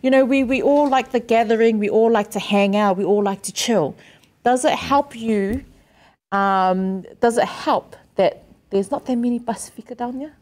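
A woman's voice: a little high, moderate pace, a little mellow. A woman co-hosting a podcast, chatting casually with lots of ums and apologies. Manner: apologetic, rambling with many ums and laughs. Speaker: podcast co-host. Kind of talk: casual chat.

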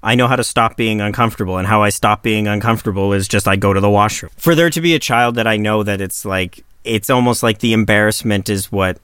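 A man's voice: fairly low pitch, fast talker, few pauses, a bit bright, smooth, no room sound, studio quality. A man co-hosting a casual parenting chat, thinking aloud with many restarts and fillers. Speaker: podcast co-host and father of twins.

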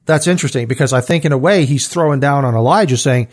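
A man's voice: medium pitch, quick pace, hardly any pauses. A man co-hosting a casual Bible study talk, reading verses aloud and acting out the quotes with feeling. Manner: animated, acts out scripture quotes with rising voice. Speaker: podcast co-host.

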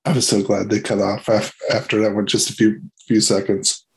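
A man's voice: on the low side, little pitch movement, moderate pace, low-quality recording. A man hosting a casual movie review chat, rambling and hesitant with many fillers and restarts.

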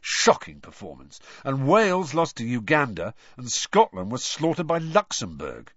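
Guy doing a curt gloomy young bloke, lively pitch, dry recording. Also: normal speed, no echo, muffled recording. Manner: short, gloomy. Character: blunt young man, keen sports fan.

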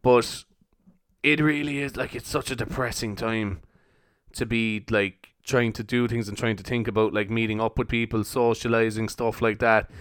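Young Irish man from Cork, podcast host, rambling comic chatter, smooth voice, dry close sound. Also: mid-range voice, steady tone, normal speed, a bit bright, dry recording. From Cork, Ireland. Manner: jokey, rambling, swears casually. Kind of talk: rambling solo podcast chat.

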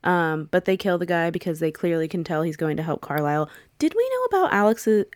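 A young woman co-hosting a podcast in casual chat, chatty and quick to laugh, with playful quoted asides. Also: fairly low pitch, big pitch swings, dry recording. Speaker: podcast co-host.

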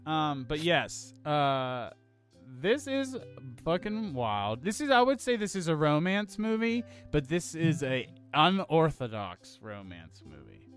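A man co-hosting a casual film review chat, animated and swearing freely. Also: takes it slowly, soft background music. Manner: animated, swears freely, acts out scenes in high voices. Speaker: podcast co-host.

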